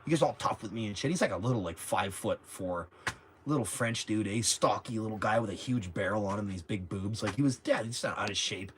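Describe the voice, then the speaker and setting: Fast-talking brash man. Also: fairly low pitch, a little hiss or hum. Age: 40s. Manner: brash, profane, rapid rambling with asides. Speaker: livestream host. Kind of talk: casual storytelling chat.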